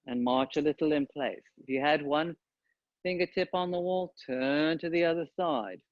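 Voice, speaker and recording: Male yoga teacher, fairly high voice, calm and paced guided instruction on a dull, lo-fi track. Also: dry recording. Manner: calm, unhurried cueing with pauses. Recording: dull, dry lo-fi sound.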